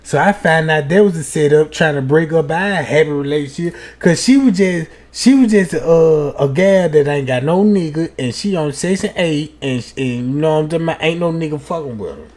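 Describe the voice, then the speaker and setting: A man's voice: a little high, animated, normal speed, a little mellow. A man from the United States telling stories to his livestream chat in a loose, profane way, laughing often and checking in with his listeners. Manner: keeps asking "you know what I'm talking about". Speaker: livestream host. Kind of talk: casual livestream storytelling to chat.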